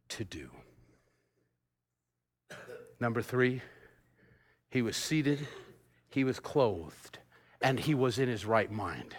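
Animated male preacher, playful and hushed. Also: mid-range voice, breathy edge. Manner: animated preacher, bursts into sung snippets and laughter, drops to hushed tones. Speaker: pastor. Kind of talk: sermon.

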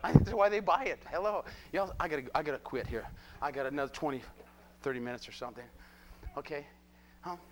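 A preacher delivers a live sermon in a lively, joking way. He keeps pressing his listeners with quick rhetorical questions. His man's voice sits on the higher side. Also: noisy background. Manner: animated, jokey, prods the crowd with rhetorical questions.

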